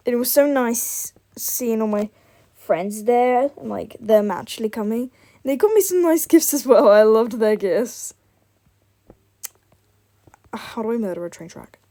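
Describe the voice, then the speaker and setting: Chatty young woman with a mellow voice. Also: fairly high pitch, animated, measured pace, pauses often. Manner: rambling, lots of "like" fillers. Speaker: gaming vlogger. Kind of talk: casual chat while playing a building game.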